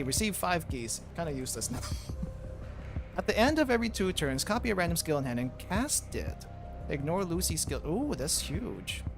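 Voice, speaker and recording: A young man streaming a video game, thinking aloud and reading item text in a halting, casual way. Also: a little high. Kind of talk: casual gameplay commentary. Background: game music.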